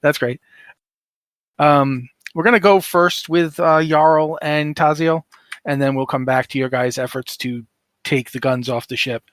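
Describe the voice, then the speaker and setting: A man's voice: on the high side, fairly even intonation, measured pace, fairly bright tone, no room sound, clean studio sound. A man narrating as game master, describing scenes at length with many fillers and asides.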